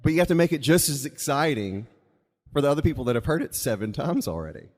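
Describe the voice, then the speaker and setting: A man's voice: on the high side, big pitch swings, fast talker, darkish tone. A man from Mississippi, telling a rambling, casual story at a live open mic with chuckling asides. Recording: long reverb of a live venue.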